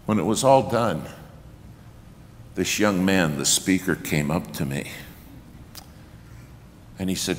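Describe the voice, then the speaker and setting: Male guest preacher, low voice, very lively delivery, acts out the quotes, long church reverb. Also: slow, long pauses, slight background noise. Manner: animated storyteller acting out quotes, rising to shouts. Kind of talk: storytelling sermon. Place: church sanctuary. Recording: reverberant church hall, faint ambience.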